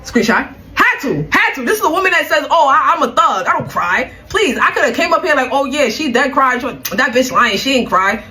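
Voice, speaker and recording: A woman's voice: high-pitched, very animated, normal speed, hardly any pauses, bright, forceful tone. A young woman telling a personal story in a casual vlog, blunt and heated, with plenty of slang and cursing.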